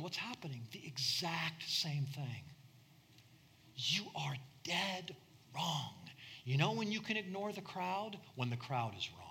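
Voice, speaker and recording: Animated, bright-voiced male preacher. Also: mid-range voice, slight background noise. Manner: animated, acts out quoted voices. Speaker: pastor. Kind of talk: sermon.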